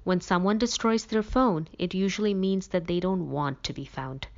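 A woman's voice: fairly low pitch, moderate pace, natural voice. A woman voicing a male police officer, professional and kindly condescending. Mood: calm. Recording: dull lo-fi recording.

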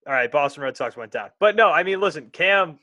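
A young man co-hosting a casual sports podcast, rambling and animated, often interrupting himself. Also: fairly high pitch, a little fast, no room sound.

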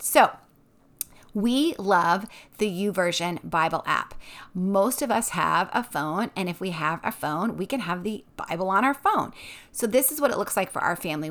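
Upbeat, expressive woman giving family tips. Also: medium pitch. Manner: upbeat and expressive, laughs often. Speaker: mom sharing a devotional routine. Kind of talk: casual tips talk.

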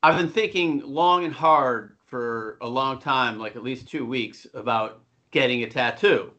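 A man's voice: medium pitch, measured pace, pushed and bright, muffled recording. A middle-aged man co-hosting a podcast, telling rambling, profane stories in casual chat. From Buffalo, New York. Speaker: podcast co-host.

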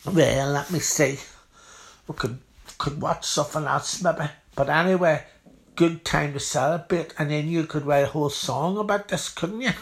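A woman's voice: deep voice, normal speed. A woman playing a blunt, chatty auntie in a comedy sketch. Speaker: comic auntie.

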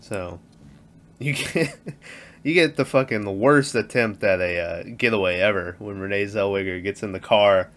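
A man's voice: lowish voice, normal speed, fairly bright tone. A man in casual movie chat who laughs often, acts out lines from the film and swears freely. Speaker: podcast co-host.

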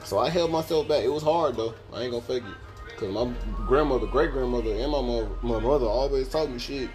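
A man's voice: mid-range voice, brisk, a little mellow, faint music behind. A young man, telling a podcast story in a casual, profane, laughing way. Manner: profane, laid-back, laughing asides. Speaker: podcast host.

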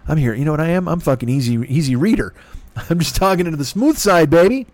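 A middle-aged man hosting a podcast, rambling through a profane, self-deprecating comedic monologue with a rough throat and a stuffy nose. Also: fairly high pitch, animated, quick pace, a little mellow, dry recording. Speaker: podcast host.

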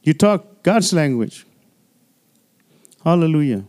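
A man's voice: on the high side, very animated, slow, darkish tone. A male pastor preaching a sermon in a loose, conversational way, full of "you know" and "hallelujah", often repeating and restarting words.

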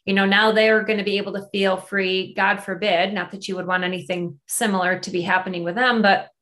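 A woman's voice: medium pitch, steady tone, fairly quick, fairly bright tone. Attentive woman podcast host. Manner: attentive listener, short affirmations. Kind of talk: podcast interview.

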